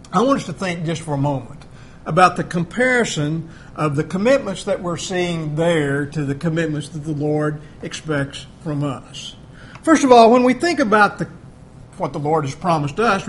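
A man preaching a sermon in a plain, folksy, conversational way, with a notably high voice for a man. He walks through scripture and acts out the voices of the people he quotes. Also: a little hiss or hum. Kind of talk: sermon, Bible teaching.

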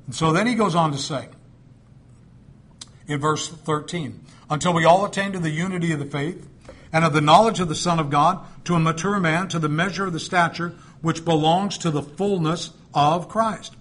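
A middle-aged man delivers a sermon in an easygoing, chatty manner. He drifts into personal stories and side remarks to his listeners. His voice sits a little higher than most men's. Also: normal speed, a bit bright. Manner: conversational storytelling with asides. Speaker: preacher.

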